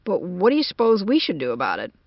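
A gruff, sardonic man from the American South answers dryly, as a woman narrator puts him on. The storybook recording sounds dull and close, with no room around it. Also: on the low side, huge pitch swings, fast talker, no echo, full character voice. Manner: dry, growling, sardonic.

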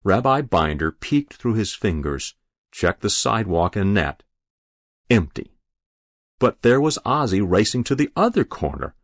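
A man reading literary fiction aloud with measured, expressive storytelling. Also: lowish voice, no echo, studio quality. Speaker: narrator.

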